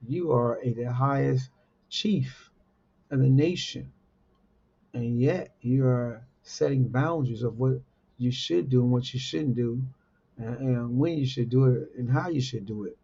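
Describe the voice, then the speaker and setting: A man giving informal political commentary, repeating rhetorical questions with many fillers, in a husky, gravelly voice. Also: mid-range voice, unhurried, mellow, muffled recording. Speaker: host.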